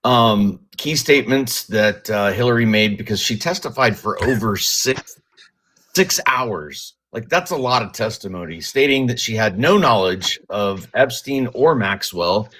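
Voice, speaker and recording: Deep-voiced male panelist, halting delivery with frequent restarts, casual talk-show chat. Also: animated, a bit bright, slight background noise. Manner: halting, many ums and restarts.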